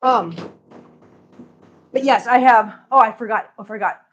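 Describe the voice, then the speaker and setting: A woman's voice: on the high side, a little slow, a bit bright, muffled recording. A middle-aged woman chatting casually to her cats and her livestream viewers while she cleans, a bit out of breath. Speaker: cat channel vlogger.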